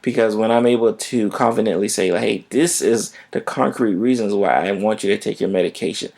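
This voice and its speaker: Low gravelly-voiced male doctor host. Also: brisk, a little mellow. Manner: conversational, repeats "right?" often. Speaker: physician podcast host. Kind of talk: casual health podcast talk.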